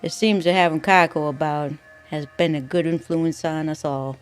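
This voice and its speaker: A woman's voice: sits low, fairly even intonation, normal speed, faint music behind. A woman streamer giving casual gameplay commentary, chatty and thinking aloud.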